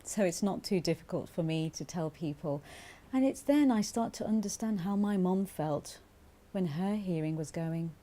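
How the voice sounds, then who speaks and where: A woman's voice: on the low side, normal speed, mellow, natural voice. An actress playing a frank, wry middle-aged mother with mild hearing loss. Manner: frank, wry, a bit stubborn. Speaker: actor voicing a mother's testimony. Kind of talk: scripted testimony monologue.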